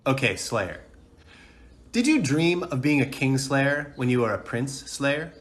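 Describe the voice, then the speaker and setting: A man's voice: mid-range voice, expressive, a little slow, natural voice. A man voicing a showy male gossip show host who talks in bubbly announcer patter. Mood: chirpy.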